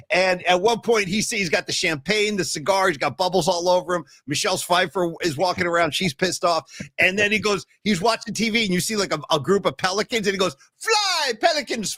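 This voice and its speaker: A man hosting a casual sports podcast, animated and jokey, ranting about players. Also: sits high, no echo, studio quality. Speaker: podcast host.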